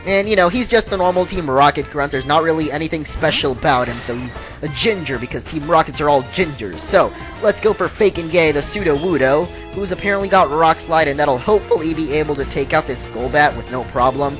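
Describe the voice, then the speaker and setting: Guy rambling over his game playthrough, kinda high voice, faint music behind. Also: fairly quick, few pauses. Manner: rambling, loose, lots of fillers and asides. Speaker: let's play host. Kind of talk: casual gameplay commentary.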